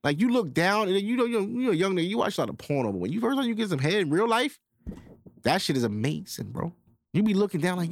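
A man's voice: high-pitched, sing-song, quick pace, creaky, no room sound. A young man hosting a podcast, telling crude stories in casual chat and acting out quotes in a raised voice. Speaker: podcast host.

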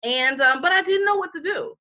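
A woman's voice: high-pitched, lively intonation, brisk. A middle-aged woman, an interview guest who founded a healing center, telling her personal story candidly and emphatically, with many "you know" fillers. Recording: dull lo-fi recording.

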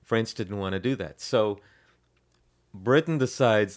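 A man's voice: on the low side, a little slow. A man co-hosting a history podcast, casually explaining events with frequent ums, restarts and self-corrections.

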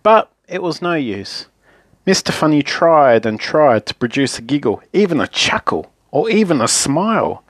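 Man, storyteller, children's story read aloud, gentle, expressive, lively. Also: a little high, normal speed, no echo.

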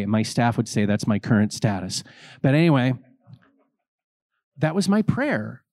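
A middle-aged man, a priest, giving a homily in a slow, reflective way, telling personal stories. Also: mid-range voice, very animated, darkish tone, no room sound, studio quality.

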